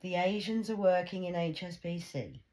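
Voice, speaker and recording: A woman in an agitated ranting monologue to camera, jumping between hushed whispers and loud outbursts and often stumbling over repeated words. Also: lowish voice, moderate pace. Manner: repetitive, stumbling restarts. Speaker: vlogger.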